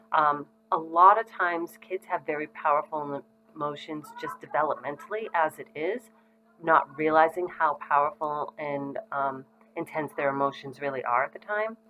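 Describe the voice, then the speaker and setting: Low-voiced woman giving parenting advice. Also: pushed and bright, poor audio. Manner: frequent ums, conversational and reassuring. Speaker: parenting educator. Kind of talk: casual instructional talk to parents.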